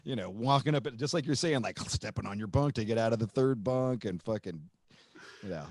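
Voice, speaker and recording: A man hosting a podcast, a touring musician, chatting casually with quick asides and easy swearing. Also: fairly low pitch, darkish tone, no echo. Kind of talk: casual chat.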